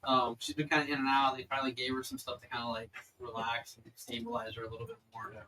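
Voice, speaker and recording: A man's voice: mid-range voice, flat delivery, quick pace, pushed and bright, distant mic, slight background noise, rough recording. A man narrating as game master in a tabletop game, loose and chatty, with many fillers.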